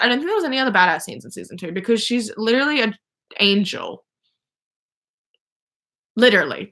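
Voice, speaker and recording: Young woman livestream host, bright voice, excitable fan rambling. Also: mid-range voice. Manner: chatty, gushing, many fillers and restarts. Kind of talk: casual fan chat. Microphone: phone or webcam.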